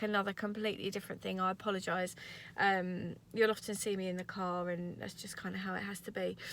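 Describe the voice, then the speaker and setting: A woman's voice: mid-range voice, a bit bright. A woman in her thirties recording an earnest, rambling motivational vlog from her parked car. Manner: earnest, rambling, tearful at times. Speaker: vlogger.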